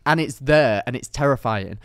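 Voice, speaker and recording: A young man, telling a long, winding story to his co-host. His voice sits at an ordinary pitch and sounds close and dry, with no room around it. He rambles, leans on "like", and gets animated as the tale builds. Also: normal speed, smooth, no echo. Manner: rambling, animated storyteller with frequent "like" fillers and laughs. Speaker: podcast co-host. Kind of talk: casual storytelling chat.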